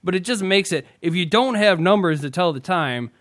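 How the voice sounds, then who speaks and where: A man's voice: high voice, expressive, normal speed, a bit bright. A man hosting a casual podcast, rambling and self-deprecating, laughing often as he talks. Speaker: podcast host. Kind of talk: casual tech podcast chat.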